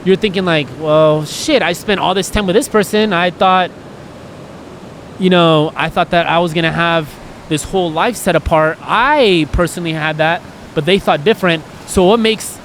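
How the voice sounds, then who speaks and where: Earnest male podcast co-host, rambling and emotional, slightly high voice, faint background hiss. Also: moderate pace, a bit bright. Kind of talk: candid podcast conversation.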